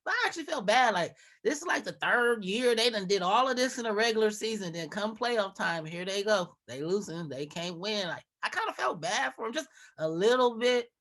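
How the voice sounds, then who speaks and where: A woman co-hosting a casual sports talk show, easygoing and quick to laugh. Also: medium pitch, animated, a bit bright. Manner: casual, laughs often, drawn-out emphasis. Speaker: podcast co-host.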